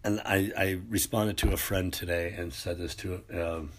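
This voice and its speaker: A man's voice: low voice, steady tone, moderate pace. A man ranting in a casual, profane monologue, rambling with many restarts.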